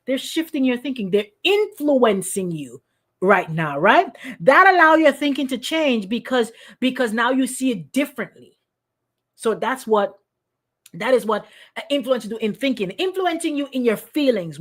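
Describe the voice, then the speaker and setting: Woman, pastor, middle-aged, high voice, very animated pitch, informal sermon. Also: moderate pace. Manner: animated, acts out quoted voices, addresses listeners by name. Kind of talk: informal sermon to an online congregation.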